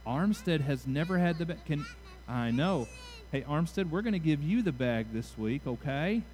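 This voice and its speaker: A man giving a children's moment during a church service, playful and animated as he draws the kids into call-and-response. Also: fairly high pitch, normal speed, a little hiss or hum. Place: church sanctuary.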